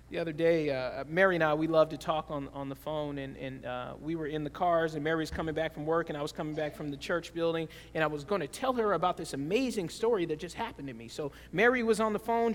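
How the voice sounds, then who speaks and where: A man preaching a sermon as pastor, telling stories with animated shifts between quiet and loud. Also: long reverb tail. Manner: animated storytelling with big swings in pitch and loudness.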